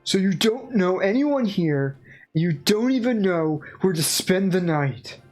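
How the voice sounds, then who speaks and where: A woman's voice: fairly low pitch, animated, unhurried, a little mellow, faint music behind. Woman doing a prim old professor. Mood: grim. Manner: prim, formal, bluntly morbid. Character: fussy polite old male professor.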